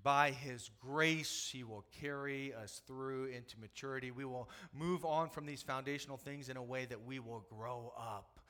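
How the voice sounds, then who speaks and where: A man in his thirties preaching a sermon, dropping to hushed lows and rising to loud emphatic peaks, repeating phrases and restarting as he goes. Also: steady tone, normal speed, few pauses. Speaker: pastor.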